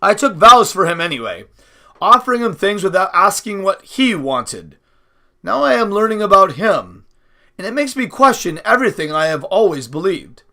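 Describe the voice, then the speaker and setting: A man's voice: high-pitched, sing-song, normal speed, sharp tone, voice pushed up, exaggerated voice. A man doing a stern frontier father. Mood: earnest.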